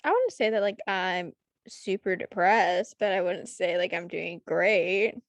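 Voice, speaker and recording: A woman's voice: lowish voice, animated, unhurried. A young woman co-hosting a podcast, chatting casually in a wry, self-deprecating way. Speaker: podcast co-host. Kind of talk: casual chat.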